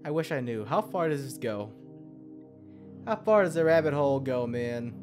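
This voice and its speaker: Young guy doing a sweary let's play, mumbly and low-key, mid-pitched, faint game music behind. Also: lively intonation, normal speed. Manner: swears a lot, mutters to himself, sudden yelps of alarm. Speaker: gameplay commentator. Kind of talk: profane let's-play commentary.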